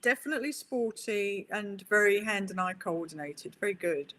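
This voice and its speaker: A middle-aged woman, a guest on an interview podcast, telling stories in a chatty, animated way. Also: mid-range voice, normal speed. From England. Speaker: guest, pool player. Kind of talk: interview conversation.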